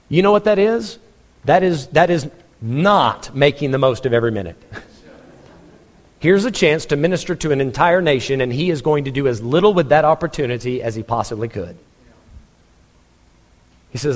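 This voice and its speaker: A man's voice: on the high side, lively intonation, normal speed, pauses often, long reverb tail. A man preaching a sermon, telling a story with humor and acting out the people he quotes, often chuckling.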